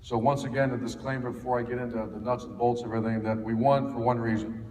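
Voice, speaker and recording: A man's voice: medium pitch, little pitch movement, fast, a little mellow, distant mic, a little hiss or hum. A middle-aged man from Ohio, a football coach telling folksy stories to a clinic audience, with lots of fillers and restarts. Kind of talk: storytelling talk to an audience. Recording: echoey hall, faint ambience.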